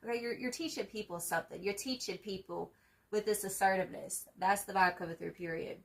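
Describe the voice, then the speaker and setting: A woman's voice: medium pitch, a little fast, vocal fry. A young woman giving a casual tarot reading, slangy and profane, hyping the viewer up with repeated catchphrases. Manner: slangy, profane and emphatic, full of fillers. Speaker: tarot reader.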